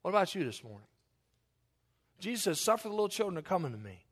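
A middle-aged male pastor preaching a sermon, moving between loud, high passages and low, quiet appeals to the congregation. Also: very animated, rapid-fire, long pauses. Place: church sanctuary. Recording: long church hall reverb.

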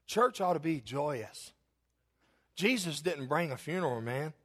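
A man preaching a sermon as pastor, emphatic and rising into loud bursts. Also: a little high, animated, a little slow, pauses often.

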